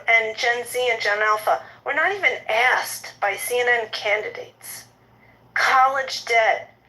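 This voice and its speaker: A woman's voice: sits high, sharp tone, poor audio. A woman of fifty, agitated and indignant, giving an impassioned political rant in an audio chat room and repeating herself as she talks. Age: 50s.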